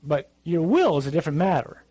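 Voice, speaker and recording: A man's voice: on the high side, sing-song, a little fast, warm tone, no room sound. A middle-aged man, a priest, giving a conversational, emphatic sermon with asides.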